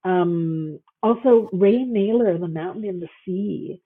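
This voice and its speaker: A woman guest author chats casually over a tinny phone line, gushing enthusiastically and using lots of fillers. Her voice is lowish with a breathy edge, and she takes it slowly.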